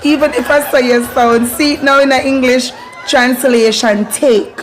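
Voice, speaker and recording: A woman's voice: sits high, steady tone, unhurried, music in the background. A Jamaican woman hosting her channel, teaching patois in a casual way, laughing often and slipping between patois and English. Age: adult parent. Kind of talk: casual patois lesson and devotional talk.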